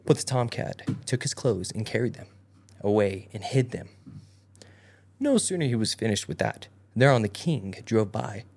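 A man's voice: on the low side, sing-song, moderate pace, vocal fry, darkish tone. A man hosting a casual podcast, reading an old fairy tale aloud and tripping over its old-fashioned wording. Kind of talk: casual storytelling read-aloud.

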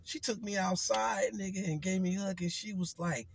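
A man's voice: high-pitched, fairly even intonation, moderate pace, vocal fry, husky. A man hosting a podcast in casual chat, telling stories animatedly with heavy cursing and frequent laughter. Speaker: podcast host.

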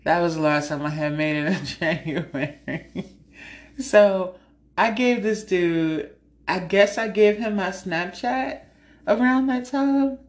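A woman's voice: medium pitch, slow. A woman hosting a podcast, chatting casually and frankly, laughing often and acting out conversations. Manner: frank, laughs often while telling stories; animated, acts out her own side of conversations. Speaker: podcast host. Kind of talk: casual chat.

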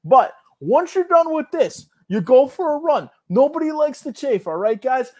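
A man with a notably high speaking voice, chatting on a podcast as a guest. He talks in a loud, hyped-up, bro-ish way, full of banter. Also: big pitch swings, moderate pace. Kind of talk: casual podcast chat.

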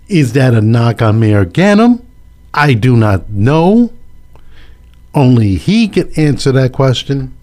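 A man's voice: mid-range voice, a little mellow. A man giving a casual opinion monologue on local politics, emphatic and repetitive, with sarcastic asides.

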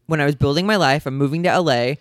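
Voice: medium pitch, very fast, dry recording, clean studio sound. A podcast co-host in casual chat, trading playful, wry banter.

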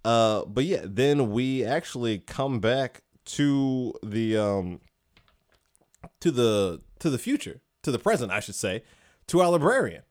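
A man hosting a casual podcast who excitedly retells a comic book, laughing often. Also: mid-range voice, measured pace. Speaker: podcast host. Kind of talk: casual chat.

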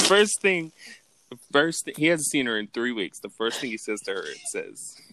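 A man's voice: mid-range voice, very animated, normal speed, sharp tone. Laughing man retelling movie quotes. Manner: laughs often, acts out quotes. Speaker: podcast co-host. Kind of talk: casual chat recapping movie quotes.

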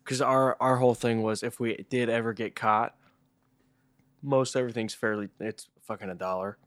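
A man's voice: medium pitch, fairly even intonation, moderate pace, a bit bright, no echo. A man co-hosting a podcast, telling stories in a laid-back, casual way, swearing freely and saying "dude" a lot. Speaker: podcast co-host. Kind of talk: casual chat.

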